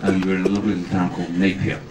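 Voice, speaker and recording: A man, a guest actor at a fan convention, telling self-deprecating anecdotes on stage with halting restarts. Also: deep voice, completely flat delivery. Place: large hall with audience. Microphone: far camera, amateur video. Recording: echoey hall from far off, noisy amateur video.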